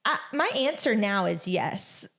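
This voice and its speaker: A woman with a Southern US accent from Georgia, co-hosting a casual podcast chat, chatty and quick to laugh. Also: mid-range voice, expressive, a bit bright. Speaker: podcast co-host. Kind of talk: casual conversation.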